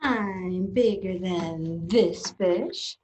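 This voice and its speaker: A woman voicing a boastful male giant squid in a children's storybook read-aloud, bragging in drawn-out proclamations. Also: on the low side, darkish tone.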